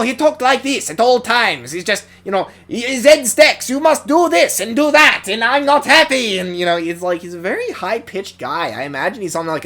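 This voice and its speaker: A man giving casual, rambling commentary on a cartoon dub, full of restarts and little laughs. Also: a little high.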